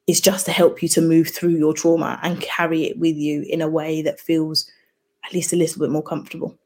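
A woman with a low, slightly husky voice speaks as a guest on an interview podcast. She is a midwife who explains her work reflectively, often slipping into little acted-out exchanges to make a point. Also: flat delivery, fairly quick, darkish tone. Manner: reflective, explains by acting out example dialogues. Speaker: midwife and birth debrief facilitator, podcast guest. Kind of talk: conversational interview.

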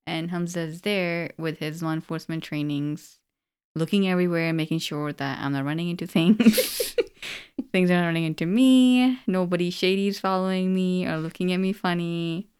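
Smooth-voiced woman, earnest casual chat. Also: lowish voice, normal speed, a little mellow. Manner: earnest, reflective storytelling. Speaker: podcast co-host.

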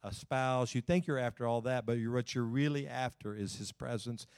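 A man's voice: medium pitch, moderate pace, no room sound. Man preaching a sermon, dry sound. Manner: conversational preaching that swings between emphatic and hushed. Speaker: pastor.

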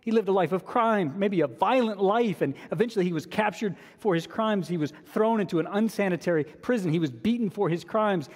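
A man's voice: high voice, brisk, few pauses, big-room sound. A man preaching a sermon as a pastor, earnest and repeating key phrases for emphasis.

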